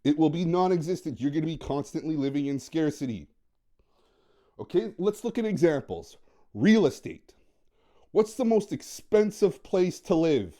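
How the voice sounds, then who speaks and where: Male dating coach, emphatic monologue, dark-toned, slightly high voice. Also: expressive, normal speed. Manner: emphatic, repetitive, acts out quoted dialogue. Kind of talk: motivational monologue.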